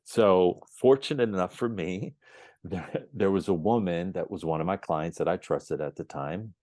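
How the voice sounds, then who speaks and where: A man on a podcast telling his story as the guest, animated, acting out the dialogue as he goes. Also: low-pitched, normal speed, dry recording, studio quality. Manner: emphatic and repetitive phrasing. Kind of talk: storytelling in an interview.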